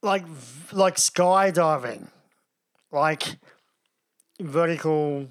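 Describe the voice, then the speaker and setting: A man with a slightly high voice co-hosts a casual podcast chat. He jokes and riffs on words as he talks. The recording is dry and close. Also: drawn-out words, no echo. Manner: jokey, plays with words. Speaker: podcast co-host.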